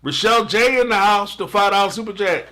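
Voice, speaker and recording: A man's voice: high-pitched, brisk, pushed and bright. A man hosting a casual live stream, reacting to a TV episode and reading out viewer super chats with jokes, playful asides and frequent laughter.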